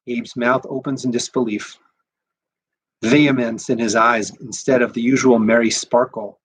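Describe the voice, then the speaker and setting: A rabbi reading a short story aloud in a measured, expressive way. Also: male voice, medium pitch, husky, poor audio. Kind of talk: scripted narration of a short story.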